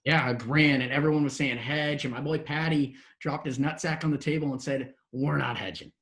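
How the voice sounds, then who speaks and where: A man's voice: a little high, fairly even intonation, a little fast, a bit bright. A man hosting a casual podcast chat, easygoing as he reads out betting odds and asks his guest's opinion. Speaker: podcast host.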